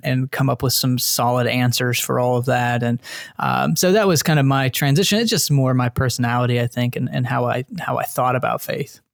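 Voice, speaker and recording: A man's voice: mid-range voice, creaky, no echo, studio quality. A man from Texas, a guest author, explaining his ideas in a thoughtful podcast interview. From Texas, USA.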